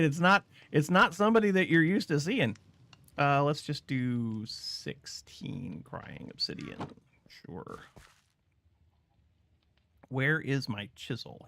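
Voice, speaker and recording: A man's voice: fairly high pitch, big pitch swings, slow pace, gravelly, pauses often, a bit bright. A man streaming a game, chatting casually with his viewers while he thinks aloud about what he is doing. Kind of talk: casual gameplay commentary.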